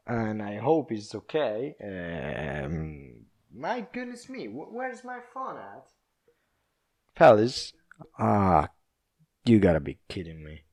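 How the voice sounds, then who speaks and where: A young Italian man from Italy hosts a casual solo podcast, rambling, chuckling and swearing loosely in an Italian accent. His voice is on the low side, and the recording is clean studio sound with no room sound.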